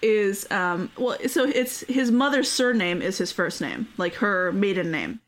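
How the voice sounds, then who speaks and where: A woman's voice: medium pitch, very animated, measured pace. A woman hosting a casual history podcast. She is chatty, uses many fillers and laughs often. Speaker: podcast host.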